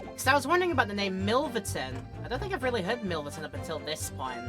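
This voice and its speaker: A woman's voice: mid-range voice, big pitch swings, fast talker. A young woman streaming a game, chatting casually and voicing the characters as she reads. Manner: chatty, voices characters while reading. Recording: music playing behind.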